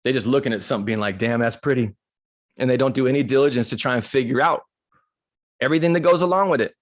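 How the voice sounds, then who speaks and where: A man's voice: mid-range voice, rapid-fire, dry recording, studio quality. A man giving a motivational talk, telling personal stories in a casual, candid and humorous way. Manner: casual, conversational, acts out dialogue in stories. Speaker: motivational speaker.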